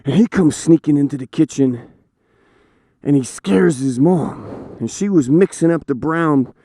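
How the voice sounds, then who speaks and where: Slow-talking man vlogging from a motorcycle. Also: a little high, no room sound, studio quality. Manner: relaxed, unhurried, chatty. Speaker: motovlogger. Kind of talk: casual joke telling. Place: outdoors on a motorcycle. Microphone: helmet-mounted camera mic.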